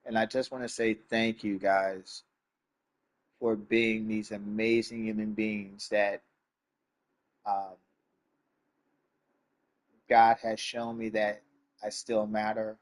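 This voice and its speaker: A man's voice: lowish voice, level tone, slow, pauses often. A sim racing streamer, a man, talking to his live chat in a heartfelt, earnest way, near tears and with a stuffy nose.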